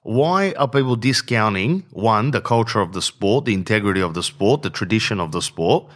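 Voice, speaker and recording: A man's voice: on the low side, lively intonation, moderate pace, a bit bright. A man ranting bluntly in slangy casual talk, often saying "bro", as a podcast host. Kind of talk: casual rant.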